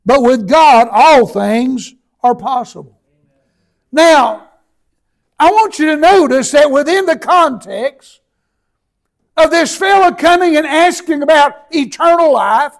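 A man preaches a sermon, reading scripture slowly and breaking into shouts for emphasis, with many repeated words and filler sounds. His voice is very high and the audio is poor.

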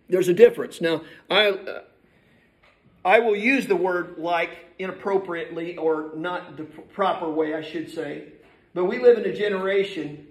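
A middle-aged male pastor preaching a sermon in a church, emphatic and building in force as he reads scripture aloud. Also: high-pitched. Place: church sanctuary. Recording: echoey church hall.

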